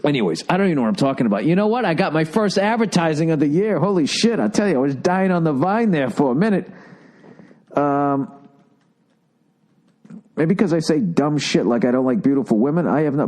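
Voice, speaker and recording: A middle-aged man with a Boston accent rants alone into the mic, exasperated and swearing freely. His voice sits a bit high for a man and swings widely in pitch as he gets worked up, tripping over his words and restarting. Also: darkish tone. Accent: American, Boston. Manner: profane, exasperated ranting with repeated stammered restarts. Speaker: podcast host. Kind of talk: solo podcast rant.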